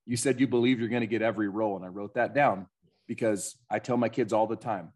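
Male co-host and coach, husky voice, encouraging, pep-talk manner. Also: lowish voice, fairly even intonation, fast, darkish tone. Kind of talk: casual conversation.

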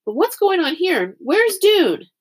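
A woman's voice: high-pitched, lively intonation, fairly quick, darkish tone, voice pushed up. Lena, a spirited girl, read by a woman. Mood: eager. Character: spirited, bold girl, young teen.

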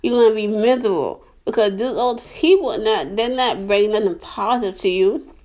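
A woman's voice: mid-range voice, moderate pace, a little mellow. Earnest woman podcaster preaching positivity. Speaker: podcast host. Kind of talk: casual faith-based podcast monologue.

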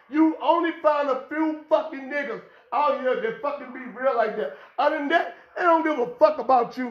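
High gravelly guy going off on a blunt profane rant, echoey room. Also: dull audio. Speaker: podcast host. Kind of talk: unscripted street-talk rant.

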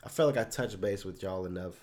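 A man's voice: low-pitched, fast, a little mellow. A young man hosting a solo podcast, rambling off the cuff in a loose, profane, self-deprecating way with lots of fillers. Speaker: podcast host.

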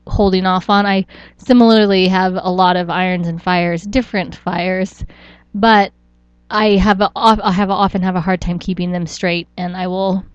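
Kobieta swobodnie gawędząca w podcaście, suchy, lekko przytłumiony dźwięk. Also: female voice, on the low side, steady tone, normal speed, clear, resonant tone, no room sound, dull audio. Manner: rambling, self-interrupting, with frequent laughs. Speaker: podcast co-host. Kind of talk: casual chat.

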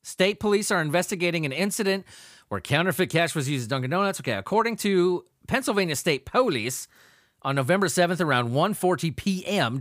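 Crude ranting man with lively pitch. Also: a little fast, no echo, studio quality. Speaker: podcast host. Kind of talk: profane comedic news commentary.

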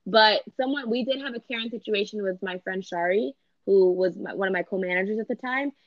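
A woman talks bluntly and with animation in a casual podcast chat, swearing freely and acting out what people said. Her voice sits at a middle pitch. The recording is dry and a little dull, like a lo-fi mic. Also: brisk, no room sound. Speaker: podcast co-host. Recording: dull lo-fi sound.

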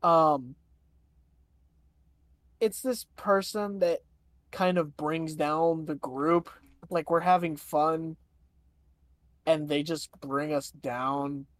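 A woman's voice: low voice, drawn-out words, long pauses, dry recording. A young woman chatting casually into her own microphone, hesitant and full of filler words. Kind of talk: casual chat.

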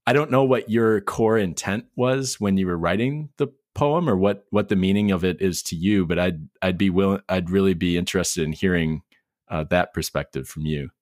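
A man's voice: sits low, normal speed, darkish tone, no room sound, studio quality. A male interviewer asking long questions with hesitant restarts and fillers.

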